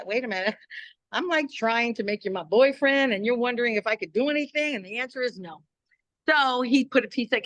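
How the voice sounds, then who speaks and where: A woman in her sixties, talking from home, tells her story in a bright, forceful voice set a little high. She is chatty and animated and acts out the quoted lines with big leaps in pitch. The sound is dry and close. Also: no echo. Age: 60s. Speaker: guest giving a testimony. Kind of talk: animated personal testimony on a call. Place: at home doing laundry.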